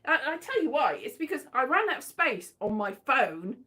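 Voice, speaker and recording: A woman's voice: high-pitched, sing-song, normal speed, sharp tone. A woman vlogging into her phone at home, chatting in a rambling, scatterbrained, self-mocking way. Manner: chatty, scatterbrained, self-mocking, breaks into silly sung lines. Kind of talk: rambling casual chat with sung bits. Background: keyboard music.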